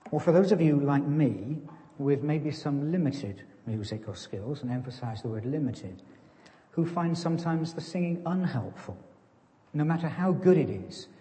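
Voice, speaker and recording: A man preaches to his congregation in an easy, conversational way, poking fun at himself. His voice is mellow and relaxed. The sound rings with the long reverb of a church. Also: mid-range voice. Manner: conversational, self-deprecating, plays farmer joke. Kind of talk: sermon.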